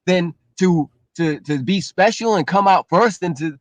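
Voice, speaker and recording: A man co-hosting a casual live-stream talk show, animated and explanatory. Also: high-pitched, a little slow, dry recording. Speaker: co-host, relationship talk.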